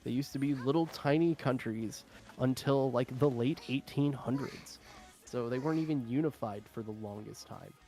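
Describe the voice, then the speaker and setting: A man's voice: medium pitch, moderate pace, warm tone, faint music behind. Rambling young man, filler-laden chat. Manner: rambling, filler-heavy, laughs often. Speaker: streamer host. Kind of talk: casual chat.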